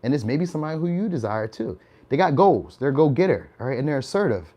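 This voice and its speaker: A man's voice: medium pitch, very animated, quick pace, warm tone. Young male tarot reader with a mid-range voice. Loose, chatty delivery with frequent laughs. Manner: chatty, laughs often, tags lines with "all right?". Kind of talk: casual tarot reading.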